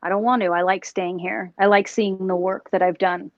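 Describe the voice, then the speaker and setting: A cold, flippant male mobster spirit brushes everything off with dismissive, cocky indifference, as a woman speaks for him. The voice sits at an ordinary pitch. The audio is dull, dry and lo-fi. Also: fairly even intonation, moderate pace, no echo, natural voice. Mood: callous.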